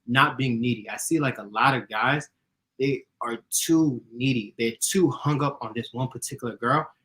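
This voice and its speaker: Giggly fast-talking young man. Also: medium pitch, bright, forceful tone, low-quality recording. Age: young adult. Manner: fast, giggly, laughs often. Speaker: YouTuber giving dating advice. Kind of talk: casual chat.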